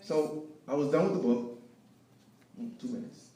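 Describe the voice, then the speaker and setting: A man telling his story of failure and faith as a speaker at an event, preaching with lively swings between loud and hushed. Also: a little high, normal speed. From Haiti. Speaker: guest speaker. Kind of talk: inspirational testimony talk. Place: event hall with live audience. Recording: echoey hall, picked up from far off.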